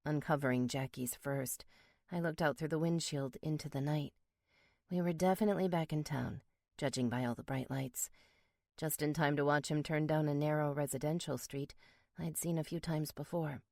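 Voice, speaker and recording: Low-voiced woman narrating a romance. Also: moderate pace, creaky, darkish tone, no room sound, clean studio sound. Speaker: audiobook narrator. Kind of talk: first-person romance narration.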